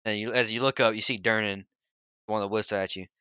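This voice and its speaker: A chatty male game master describes scenes for his players. His voice is bright and crisp. The sound is dry and close. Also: lowish voice, fairly even intonation, fast talker, no room sound. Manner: chatty, repeats words. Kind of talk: narrating a tabletop game.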